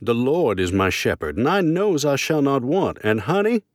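A man's voice: medium pitch, very animated, moderate pace, no room sound, clean studio sound, pitched above the performer's own voice, natural voice. A man voicing a cheerful, trusting working woman who speaks in a folksy dialect and answers firmly. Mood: cheerfully firm. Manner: folksy dialect, firm, joyful.

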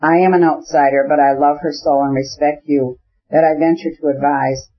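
A man reading the part of a fashionable, ironic society princess in an audiobook, with a smooth, knowing manner. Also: low-pitched, steady tone, normal speed. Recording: dull lo-fi audiobook recording.

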